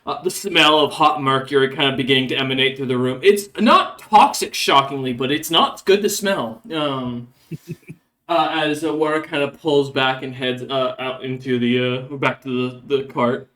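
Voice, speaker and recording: Bright-voiced man running a tabletop game. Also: medium pitch, moderate pace, far from the mic. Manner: loose, rambling, lots of fillers. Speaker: game master.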